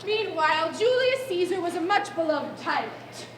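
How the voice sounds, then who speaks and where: A woman narrating a live comedy stage show in a brisk, mock-grand storytelling manner. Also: very high voice, expressive, a crowd in the background, background noise. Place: theater stage. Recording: roomy live stage with audience. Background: audience laughter.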